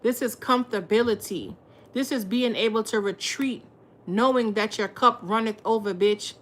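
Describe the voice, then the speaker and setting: A woman's voice: a little high, normal speed. A woman giving a casual tarot reading, blunt and full of profanity and slang, talking straight to her viewers. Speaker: tarot reader.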